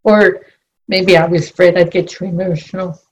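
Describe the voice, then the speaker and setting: A woman who received a mediumship reading, speaking quietly in brief replies. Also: lowish voice, flat delivery, moderate pace. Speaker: sitter of a reading.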